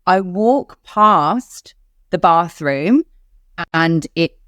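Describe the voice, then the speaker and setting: Co-host, Australian woman in her thirties, lower voice, lively storyteller who does the voices, dry sound. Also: very slow, dry recording. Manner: animated, acts out quotes in other voices. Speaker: podcast co-host. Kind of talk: candid storytelling chat.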